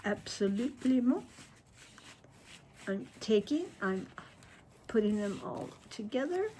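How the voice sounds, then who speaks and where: A woman vlogger opening fan mail on camera, gushing and excitable, chatting to her viewers and her cat and trailing off mid-sentence. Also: a little high, slow, a little hiss or hum. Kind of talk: casual chat to camera.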